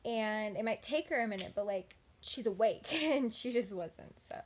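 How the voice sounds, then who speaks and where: A young woman of eighteen from Texas tells a story casually to her phone camera, rambling and filling gaps with "like" and "um". Her voice sits a little high, and she talks at night at home. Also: lively intonation, normal speed, slight background noise. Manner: chatty, rambling, frequent "like" and "um". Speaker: vlogger.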